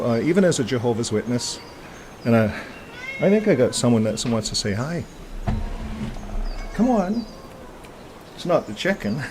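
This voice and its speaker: A man's voice: mid-range voice, a little mellow, a little hiss or hum. Chatty middle-aged man hosting a talk show. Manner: rambling, chatty, many filler pauses. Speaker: host of a faith talk show. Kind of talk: casual chat to viewers.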